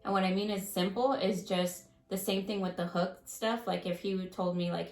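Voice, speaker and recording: A woman's voice: medium pitch, fairly even intonation, moderate pace, a little mellow, echoey room, low-quality recording. A woman co-hosting a casual relationship advice podcast, talkative and full of fillers, often acting out quoted arguments. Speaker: podcast co-host.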